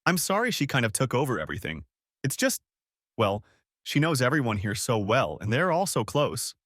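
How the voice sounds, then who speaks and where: A man's voice: medium pitch, very animated, moderate pace, a bit bright, no room sound, clean studio sound. A man voicing a friendly, chatty young woman who speaks in a soothing, reassuring way.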